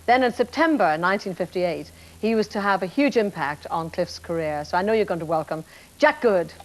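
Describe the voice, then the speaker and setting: A woman's voice: fairly low pitch, expressive, fairly quick, slight background noise, low-quality recording. A woman hosting a television talk show, introducing guests and asking questions. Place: TV studio.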